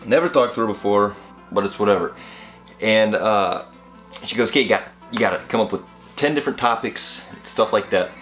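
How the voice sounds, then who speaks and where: Young man rambling in a low voice. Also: brisk, soft background music. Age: young adult. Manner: rambling and animated, heavy on filler "like". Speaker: vlogger. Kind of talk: casual storytelling vlog.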